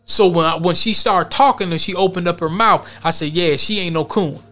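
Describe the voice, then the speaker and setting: A man with a fairly high speaking voice hosts a casual podcast. He rambles through a story in loose, streetwise slang, doubling back on his words as he goes. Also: normal speed, bright, forceful tone. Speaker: podcast host.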